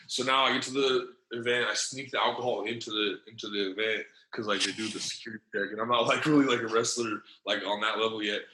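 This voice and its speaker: Profane man telling stories, bright tone. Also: fairly low pitch, steady tone, quick pace, few pauses. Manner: loose, profane, slangy storytelling. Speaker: podcast guest, former wrestler. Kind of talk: casual storytelling. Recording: echoey room.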